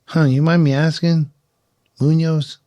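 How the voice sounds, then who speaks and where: A man voicing a gruff older cowboy who talks in a slow, blunt, curious drawl. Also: fairly high pitch, level tone, warm tone, dry recording, pitched above the performer's own voice, lightly acted. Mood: nosy drawl.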